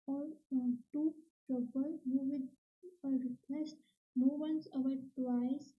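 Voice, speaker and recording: High-voiced woman, slow halting classroom read-aloud, dull lo-fi audio. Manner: halting, word-by-word reading with restarts. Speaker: teacher reading a play aloud. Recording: dull lo-fi recording.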